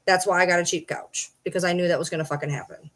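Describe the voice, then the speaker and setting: Frustrated woman ranting, lowish voice. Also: steady tone, fast, fairly bright tone. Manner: frustrated, swearing, repeats herself. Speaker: vlogger and livestreamer. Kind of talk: casual rant to camera. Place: at home.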